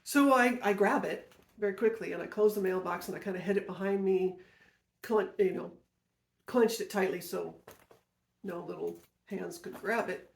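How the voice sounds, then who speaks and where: A woman's voice: mid-range voice, moderate pace, vocal fry, pauses often. A woman podcast host telling a personal story in a casual, rambling way, often correcting herself and going off on asides. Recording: roomy echo.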